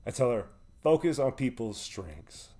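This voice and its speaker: A man's voice: mid-range voice, big pitch swings, a little slow, warm tone. A man hosting a live stream, talking in an impassioned, preachy way. He swears freely, keeps asking "right?", and sounds like he is speaking from the heart. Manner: preachy and emotional, swears often, repeats "right?". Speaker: host of a live online show.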